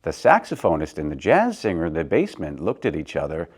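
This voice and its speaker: A man reading a children's picture book aloud, swinging between soft and loud in an expressive way. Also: low-pitched, fairly quick, husky. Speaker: storyteller, theater director.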